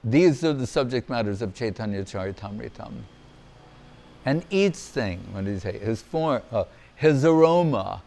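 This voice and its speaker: A man giving a devotional lecture as a monk, telling scripture stories in an animated way and acting out the quotes. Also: medium pitch, moderate pace, vocal fry. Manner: animated storyteller, acts out quotes with laughter. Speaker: monk giving a spiritual discourse.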